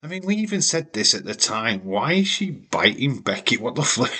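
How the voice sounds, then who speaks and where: A man's voice: mid-range voice, sing-song, moderate pace, sharp tone, breathy edge. Blunt, sweary man ranting about wrestling. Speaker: wrestling watch-along host. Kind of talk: casual opinionated commentary.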